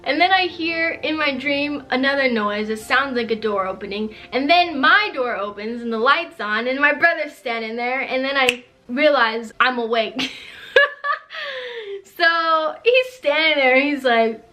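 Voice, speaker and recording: A young woman telling a storytime vlog, animated and laughing often as she talks. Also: sits high, measured pace, soft background music. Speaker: vlogger.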